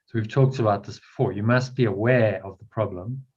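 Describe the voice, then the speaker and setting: Man, study group leader, fairly low voice, patient explaining, repeats words, dull lo-fi sound. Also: fairly quick, darkish tone, husky. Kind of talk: guiding a spiritual text discussion.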